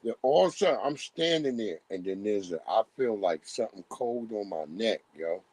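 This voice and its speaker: A man's voice: on the low side, lively intonation, moderate pace, darkish tone, no room sound, rough recording. A young man from Long Island, New York, telling a story in casual podcast chat. He acts out the voices of the people in it and uses plenty of profane slang. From Hempstead, Long Island, New York. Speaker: storyteller guest.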